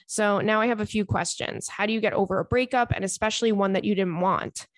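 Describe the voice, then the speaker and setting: A woman host speaks close to a dry, unechoing microphone. Her voice sits at an ordinary mid pitch. She reads a listener's letter aloud and then answers it in an earnest, chatty way, with plenty of fillers along the way. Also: steady tone, fast, no room sound. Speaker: podcast host giving advice.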